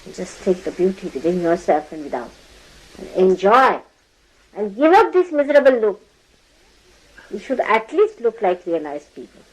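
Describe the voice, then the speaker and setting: A woman's voice: mid-range voice, sing-song, normal speed, pauses often, poor audio. A woman spiritual teacher lecturing her followers, chiding them, laughing often and mimicking people as she talks. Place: indoor ashram gathering.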